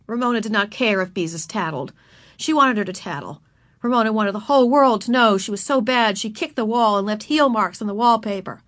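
Woman, storybook narration, expressive, bright voice. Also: medium pitch, fairly quick. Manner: expressive, voices each character. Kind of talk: children's book read aloud.

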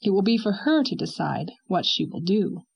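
A woman reading the part of an earnest young male doctor who reasons calmly and firmly. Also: medium pitch, normal speed, creaky, breathy edge, highs cut off, heavily acted.

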